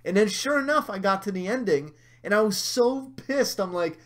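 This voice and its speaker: A man's voice: high voice, expressive, brisk, few pauses. A man hosting a casual livestream, ranting with heavy swearing and mocking asides while he answers viewer chat. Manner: profane, heated rants with mocking asides.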